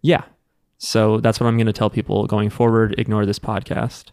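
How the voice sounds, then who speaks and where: A man's voice: fairly low pitch, flat delivery, moderate pace, a little mellow, clear, resonant tone, no echo. Podcast host, male, rambling jokey storyteller, clean dry sound. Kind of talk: casual podcast chat.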